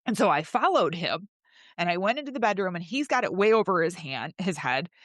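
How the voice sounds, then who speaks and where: A woman's voice: fairly low pitch, sing-song, fairly quick, no room sound. A woman hosting a podcast, telling her own story candidly and emotionally, with swearing, and raising her voice when she acts out her past pleas. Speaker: host.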